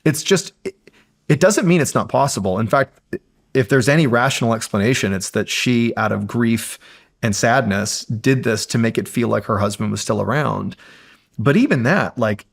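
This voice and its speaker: A man's voice: medium pitch, vocal fry, husky. A man, a podcast guest, telling a suspenseful true story in casual conversation, building tension and often saying "like".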